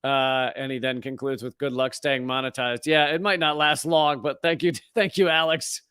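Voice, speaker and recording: The delivery here is flat and sharp, mid-range in pitch and moderate in pace, captured in a clean, dry recording. An American comedian hosting his live show rants casually about the news with sarcasm, mocks how words are pronounced, and keeps laughing and restarting as he jokes.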